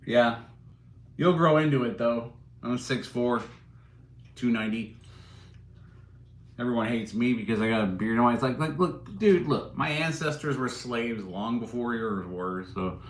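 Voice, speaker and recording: A man's voice: medium pitch, normal speed, pauses often. Man chatting on an echoey livestream. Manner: joking, rambling, chuckling while reading chat. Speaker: livestream host. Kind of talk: casual livestream chat answering comments. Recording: roomy echo.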